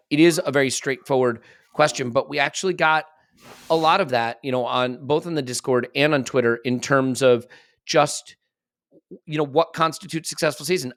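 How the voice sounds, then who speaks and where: A man's voice: mid-range voice, fairly bright tone, no echo, clean studio sound. A man from the United States hosting a podcast, talking casually in a rambling way with self-deprecating asides. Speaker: podcast host.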